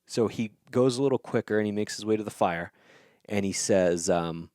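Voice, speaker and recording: Low-voiced guy rambling through a book plot, lotsa ums, swears a bit. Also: normal speed, a little mellow, no room sound, clean studio sound. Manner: loose and chatty, many fillers, swears freely. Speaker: podcast host. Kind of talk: casual retelling of a novel.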